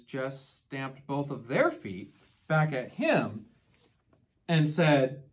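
A woman storyteller reading a picture book aloud to children, expressive and deliberate, who then asks the listeners about its lesson. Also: rumbling low.

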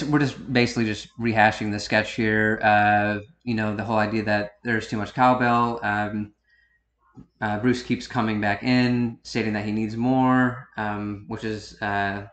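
A man's voice: lowish voice, a bit bright, roomy sound. A man in his thirties from upstate New York giving a rambling, self-correcting DVD-style commentary. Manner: meandering, self-correcting, unhurried. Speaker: video commentator.

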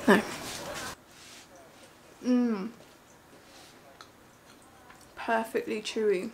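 A woman's voice: on the high side, normal speed, a little hiss or hum. A young woman chatting casually in a home kitchen as she shows and tastes her baking, upbeat and full of "like" and "um". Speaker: baking vlogger. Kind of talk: casual vlog chat.

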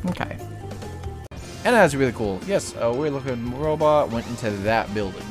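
A man's voice: mid-range voice, lively intonation, moderate pace, over music. A man streaming a video game, joking around in playful casual commentary and laughing often.

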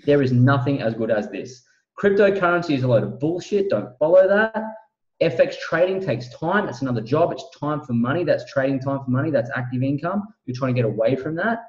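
A man giving an emphatic, preachy motivational sales pitch as a guest on a video call. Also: animated, fairly quick, a little mellow, reverberant, recorded from a distance, lo-fi sound.

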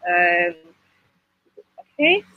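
A woman's voice: lowish voice, very animated, extremely slow, phone-quality sound. A woman moderating a panel, asking questions in a hesitant way with fillers. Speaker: session moderator.

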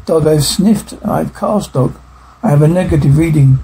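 A man's voice: a little high, moderate pace, mellow, close to an everyday voice. A man voicing a pompous, sarcastic, well-spoken male dog that lectures in formal words, reading from a film script. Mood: condescending. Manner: condescending, lecturing, formal wording. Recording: noisy recording with clicks.

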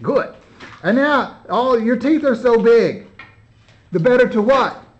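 With a very high, animated voice and an unhurried pace, a man directs and narrates a children's home play, filming as he coaches the kids through rehearsal. He coaxes and encourages them, repeating his patient praise. The handheld camera mic gives slightly dull lo-fi audio with faint noise.

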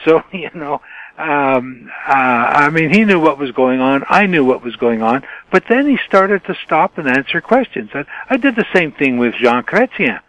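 A man's voice: on the high side, moderate pace, no echo, muffled recording. Older man telling reporter anecdotes. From Canada. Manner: animated anecdotes with many fillers, mimics his own shouted questions. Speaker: retired TV journalist, guest. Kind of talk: storytelling in a podcast interview. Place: home den.

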